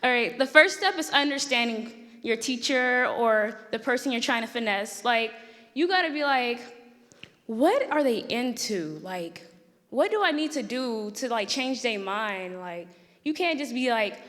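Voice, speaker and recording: A young woman with a voice on the high side, animated, unhurried and a bit bright, gives a casual, comic student talk on a school theater stage. She acts out quoted dialogue, and the auditorium sounds echoey.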